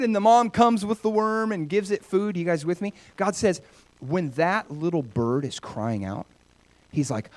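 A male pastor preaching a sermon in a conversational, animated way, swinging between loud, bright lines and soft, hushed ones. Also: sits high, a little slow.

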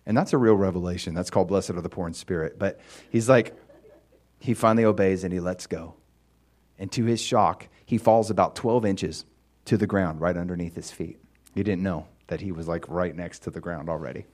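A man's voice: low voice, moderate pace, darkish tone. A male pastor preaching a sermon in a conversational, storytelling way.

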